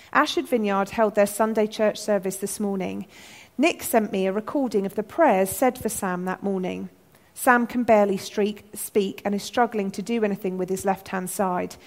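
A woman giving an earnest, animated sermon talk to her church. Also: mid-range voice. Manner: earnest, animated, acts out shouted quotes. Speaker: church speaker.

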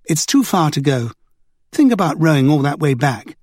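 A man's voice: fairly high pitch, very animated, moderate pace, a little mellow, dry recording, clean studio sound. A man voicing a dismissive, sulky young woman in an audiobook. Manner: curt, sulky.

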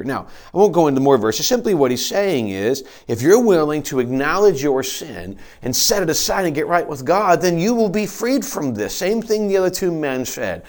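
A man's voice: moderate pace, few pauses. Earnest preacher man teaching scripture. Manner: earnest teaching with quoted scripture and frequent restarts; animated delivery with rises and drops in pitch and volume. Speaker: pastor. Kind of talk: sermon.

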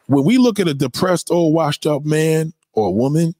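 A man's voice: on the high side, expressive, moderate pace, warm tone, no room sound. A man giving blunt, profane opinions in a casual, emphatic rant, often repeating himself. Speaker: commentator.

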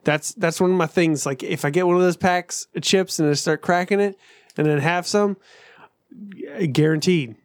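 A man's voice: high-pitched, normal speed, no echo, clean studio sound. A man in his thirties talking casually on a podcast, rambling and swearing freely, mocking himself. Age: 30s. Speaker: podcast co-host. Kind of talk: casual profane chat.

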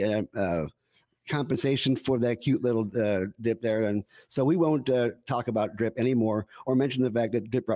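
A man's voice: lowish voice, dark tone, no room sound. A man co-hosting a casual podcast who keeps throwing in joking asides. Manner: wisecracking, throws in jokey asides. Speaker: podcast co-host.

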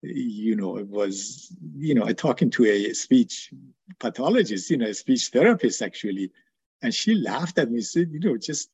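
An older man who is a psychiatrist and not a native English speaker, talking in a halting way with many restarts during a casual group video call. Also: mid-range voice, animated, a little mellow, husky, dry recording. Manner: halting, restarts often, laughs at himself.

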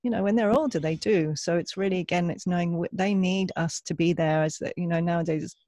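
A man in a casual podcast conversation, talking expansively and warmly affirming the other speaker. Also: high voice, brisk, no echo.

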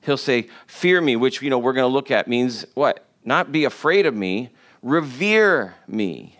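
Speaking to a congregation, a male pastor delivers his sermon at a measured pace in a medium-pitched, expressive voice that's a bit bright. He keeps things conversational, trading jokes with listeners and repeating words to drive points home.

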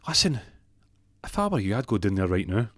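A man with a Scottish accent voicing a boastful, smooth-talking middle-aged male pub hustler who coaxes and pushes. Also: lowish voice, sing-song, a little fast, fairly bright tone, dry recording, clean studio sound. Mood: pushy. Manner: pushy, wheedling, boastful.

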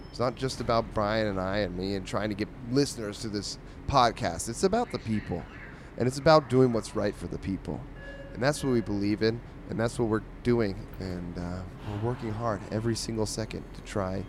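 A man's voice: fairly low pitch, background noise. A man hosting a comedy podcast in a casual, rambling way, full of fillers and mock-earnest appeals. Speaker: podcast host.

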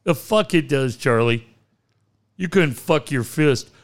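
A man's voice: mid-range voice, lively intonation, takes it slowly, pitched below the performer's own voice. A man voicing a short-tempered male sports-radio coach who barks insults at callers. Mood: scornful. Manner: barking, insulting, profane.

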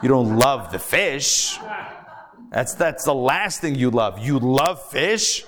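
A rabbi teaching a live class, telling stories in a lively, animated way with playful asides. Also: male voice, mid-range voice, slow pace.

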